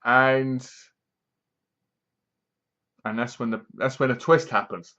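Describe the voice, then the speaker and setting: A man's voice: mid-range voice, fairly even intonation, slow, pauses often, pushed and bright, highs cut off. A man giving a rambling, scornful horror film review, often mimicking the characters. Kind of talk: casual ranting movie review.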